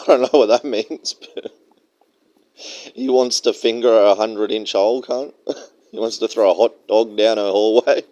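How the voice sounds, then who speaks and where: A man giving a profane, mocking rant. He often mimics other people in high, jeering tones. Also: steady tone, unhurried, pauses often, a little mellow. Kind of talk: crude reaction commentary rant.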